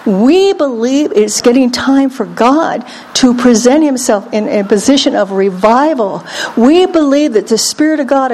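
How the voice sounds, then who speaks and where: A woman's voice: on the high side, a little mellow, a little hiss or hum, low-quality recording. Earnest woman teaching a Bible group. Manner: earnest, repeats phrases for emphasis. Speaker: preacher.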